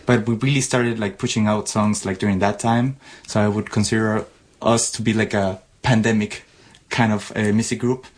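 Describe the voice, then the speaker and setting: A man's voice: fairly low pitch, steady tone, moderate pace. A man from Latin America, a music producer, chatting casually as a guest and rambling with many fillers. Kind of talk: casual radio chat.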